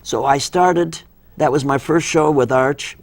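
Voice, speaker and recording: A man's voice: a little high, a little slow, creaky. Older man telling anecdotes. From Minnesota. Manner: rambling storyteller, acts out quotes. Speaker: actor as interview guest. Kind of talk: anecdotal interview talk.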